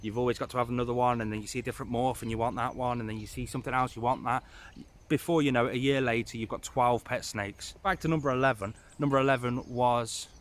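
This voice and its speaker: A man of middle pitch talks loosely through a list of tips, losing track of where he is and doubling back. He is recorded outdoors, and his tone stays easy and conversational. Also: fairly even intonation, fast. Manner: rambling, loses his place, chatty asides. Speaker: reptile keeper giving pet advice. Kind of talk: casual advice vlog. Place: outdoors in the rain.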